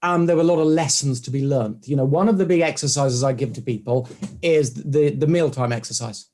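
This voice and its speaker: A man being interviewed, telling stories in a lively conversational way and acting out what other people said. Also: mid-range voice, fairly quick. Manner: animated storytelling, acts out quoted voices. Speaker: guest, orthodontic clinician.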